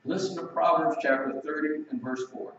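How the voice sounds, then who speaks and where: A man preaching a sermon emphatically, slowing down to read scripture aloud. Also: on the high side, steady tone, a little hiss or hum. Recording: echoey, distant, dull recording.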